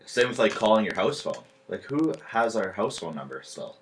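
A man's voice: fairly low pitch, very animated, moderate pace. A man co-hosting a podcast, chiming in with playful remarks and easy laughter in casual chat. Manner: laughs easily, playful interjections. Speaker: podcast co-host.

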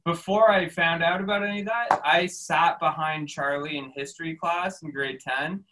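A man's voice: a little high, moderate pace, noisy background. A young man, a band member, chatting casually in an interview and telling stories with laughs. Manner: laughing, animated storytelling.

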